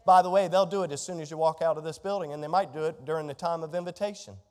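A man preaching a sermon in a church, building from quiet scripture reading to emphatic declarations. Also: fairly high pitch, fast, big-room sound. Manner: rising to emphatic, near-shouted declarations. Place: church sanctuary.

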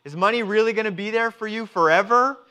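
Bright, high-voiced man preaching a sermon. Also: fast talker, clean tone. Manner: animated, acts out quoted voices of God and people. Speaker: pastor. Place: church service.

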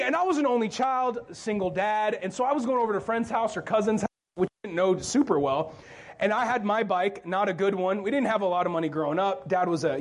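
A man with a notably high voice preaching in church. He talks loosely and conversationally, cracks jokes and keeps asking the congregation questions. The delivery feels like chatting with friends from the pulpit. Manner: conversational, joking, asks the crowd questions. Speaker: pastor. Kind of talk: sermon.

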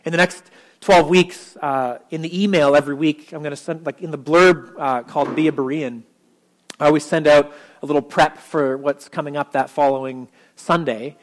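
Higher-pitched man preaching casually. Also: fairly even intonation, normal speed. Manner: casual and conversational, many fillers and restarts. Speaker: pastor. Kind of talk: sermon.

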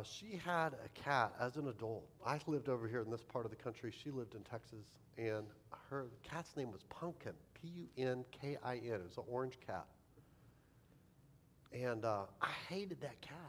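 A male pastor tells a childhood story in a sermon with a self-deprecating, humorous touch. His voice sits in an ordinary middle pitch for a man. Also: a little hiss or hum.

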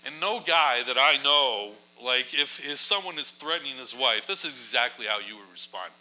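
A man preaching a sermon in a casual, humorous storytelling style, often adding quick asides to his listeners. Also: medium pitch, animated, bright, forceful tone, low-quality recording. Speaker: pastor.

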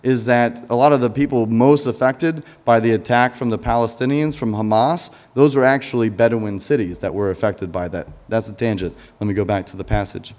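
A pastor preaches in a church sanctuary, chatting easily with the congregation, posing questions he then answers himself, and joking with them. His mid-range voice is a little mellow, with fairly even intonation, a fairly quick pace, and few pauses.

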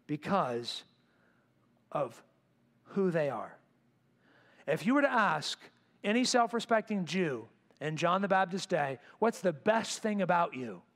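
A male pastor preaching in a church sanctuary, his voice pitched high for a man. He swings from loud, emphatic bursts to hushed, intense lines as he drives each point home. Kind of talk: sermon.

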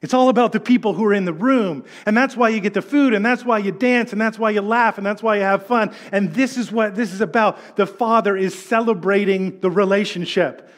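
A middle-aged male pastor giving a sermon, telling a story with animated delivery and acted-out quotes. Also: high voice, brisk, hardly any pauses.

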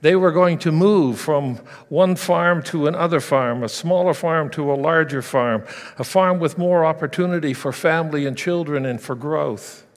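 A man's voice: a little high, moderate pace, in a large hall. A man preaching a sermon, telling stories and asking his listeners direct questions.

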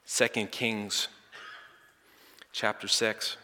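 A male pastor preaches a dramatic sermon at a moderate pace in a bright, forceful, middle-pitched voice. He swings from hushed near-whispers to loud, emphatic peaks, and his words echo with a long reverb through a large church hall.

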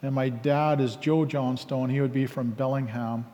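A man telling his personal story in a reflective, halting way with many fillers, acting out both sides of remembered conversations. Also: medium pitch, fairly even intonation, mellow, in a large hall. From Canada. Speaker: speaker sharing his life story.

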